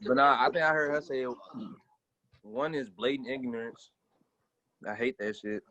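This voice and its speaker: A man's voice: medium pitch, moderate pace, bright, forceful tone. Laid-back man on a dull video call. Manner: laid-back, joking, slangy. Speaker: guest. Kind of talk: casual chat.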